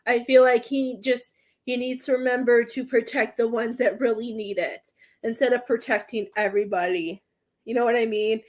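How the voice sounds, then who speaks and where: Woman medium, young adult, slightly high voice; casual live reading, restarts a lot, close to tears. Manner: emotional, halting, repeats herself. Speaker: psychic medium giving a reading.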